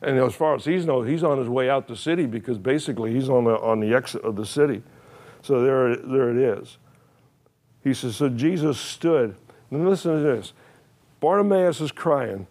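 A man's voice: mid-range voice, animated, moderate pace, darkish tone. Emphatic man preaching a sermon. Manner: emphatic, repeats words and phrases, asks the listeners questions; frequent uh fillers and restarts, plain folksy wording. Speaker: pastor.

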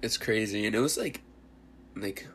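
A man's voice: on the low side, normal speed, a bit bright, a little hiss or hum. A young man co-hosting a podcast, laid-back and chiming in with casual swearing. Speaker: podcast co-host. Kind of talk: casual chat.

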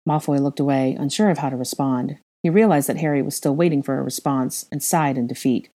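A woman narrating a fan fiction story in a calm, even storytelling manner. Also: a bass voice, fairly quick, hardly any pauses. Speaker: reader.

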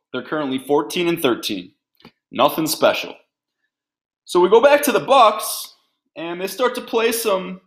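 A man hosting a sports podcast, delivering a blunt, fired-up, opinionated rant. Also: sits high.

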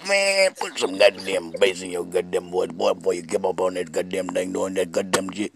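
A man's voice: sits low, expressive, normal speed, creaky, exaggerated voice. A man in a comedy sketch, ranting and mocking someone in a brash, profane way.

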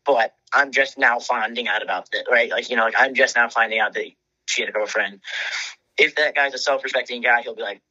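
A man's voice: mid-range voice, a little fast, sharp tone, highs cut off. A young man co-hosting a podcast, chatting casually, swearing freely and laughing often. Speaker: podcast co-host. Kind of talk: casual chat.

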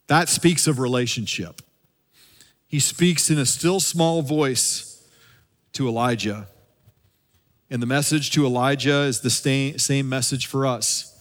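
A man who is a lead pastor, preaching a sermon and dropping at times into a soft, hushed voice for emphasis. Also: medium pitch, a little slow, in a large hall. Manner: preaching with dramatic drops to a soft hush.

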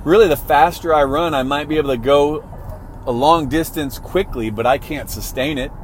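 A man's voice: a little high, normal speed. Guy giving a motivational talk, chatty, keeps asking right?, some faint traffic noise behind him. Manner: conversational, frequent "right?" tags and restarts. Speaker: motivational speaker.

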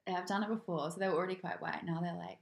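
A woman's voice: lowish voice, steady tone, very fast, gravelly. Giggly woman in a roomy room. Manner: chatty, giggly, full of "like". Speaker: podcast co-host. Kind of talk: casual chat. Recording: roomy echo.

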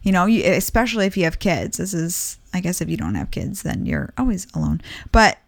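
A woman in her thirties with a Midwestern American accent, co-hosting a casual Christian marriage podcast, lively and direct with practical advice. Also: fairly low pitch, a little fast, creaky, background noise. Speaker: podcast co-host.

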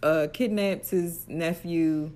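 A woman from Atlantic City co-hosting a podcast in casual chat, telling stories in quick, animated bursts. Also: lowish voice. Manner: animated storyteller, quick bursts and frequent laughter. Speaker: podcast co-host.

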